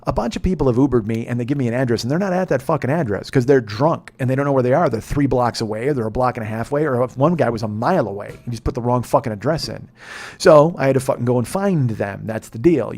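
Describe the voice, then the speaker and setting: A man hosting a podcast, telling a profane, ranting comedic story that swings between muttering and loud exasperation. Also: mid-range voice, quick pace. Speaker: podcast host. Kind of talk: rambling comedic monologue.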